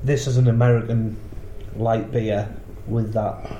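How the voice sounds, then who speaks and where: A man with a mellow, mid-pitched voice, describing beer in a casual chat and cracking crude jokes. The recording has a roomy echo with faint noise behind it. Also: flat delivery, a little slow, muffled recording. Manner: crude, jokey banter. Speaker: podcast co-host.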